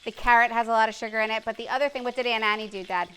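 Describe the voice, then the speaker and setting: Role: cooking show host. Sex: woman. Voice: bright and forceful, fairly high. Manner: chatty, gives tips. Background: faint frying. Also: fairly even intonation, very fast, slight background noise, low-quality recording. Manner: chatty, explains cooking tips, laughs easily. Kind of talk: live cooking show banter. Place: live studio kitchen with audience.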